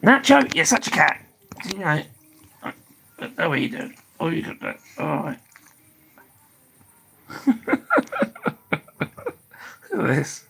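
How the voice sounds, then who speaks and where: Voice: medium pitch, normal speed, vocal fry, long pauses, bright, forceful tone, a little hiss or hum, poor audio. An older speaker chatting casually on a live stream, tired and losing their voice, swearing freely and laughing often.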